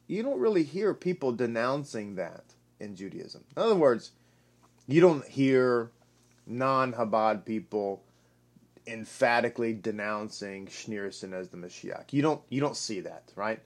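A man giving an emphatic, animated Bible teaching, often repeating himself for stress. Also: mid-range voice. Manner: emphatic, repetitive, animated delivery.

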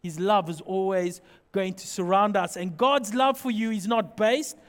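A man delivering a sermon in a strikingly high voice, playful and animated as he acts out little scenes. His words trail off into the long echo of a large hall. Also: measured pace. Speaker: pastor.

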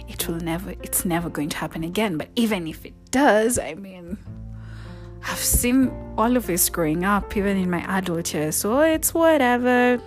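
A young woman telling a candid personal story in a conversational way, sometimes dropping to a soft near-whisper. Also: medium pitch, moderate pace, faint music behind.

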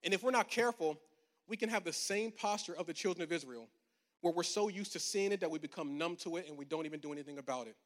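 A man's voice: fairly high pitch, fast talker. A man in his forties, a pastor preaching a storytelling sermon, chatty and funny, then rising into emphatic preaching in a large church. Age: 40s. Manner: conversational and humorous, building to emphatic preaching. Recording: long hall reverb.

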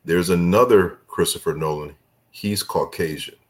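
A man's voice: low voice, normal speed. A man guest on a talk show, chatting casually, drifting off on tangents and laughing as he spells things out. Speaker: guest filmmaker. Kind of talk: casual podcast chat.

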